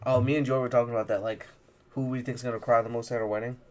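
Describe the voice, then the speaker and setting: A man's voice: medium pitch, flat delivery, rapid-fire, slight background noise. A young man hosting a podcast in casual chat, teasing his co-host with crude, joking banter.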